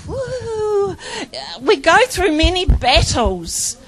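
A woman's voice: high-pitched, lively intonation, measured pace, a bit bright, low-quality recording. An older woman sharing her personal faith testimony in a fervent, chatty way, laughing often and acting out quotes as she tells her story. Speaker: church member sharing testimony.

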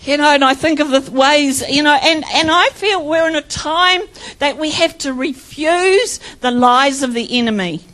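A woman's voice: high-pitched, moderate pace, a bit bright, rough recording. An older woman sharing her personal faith testimony in a fervent, chatty way, laughing often and acting out quotes as she tells her story. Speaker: church member sharing testimony.

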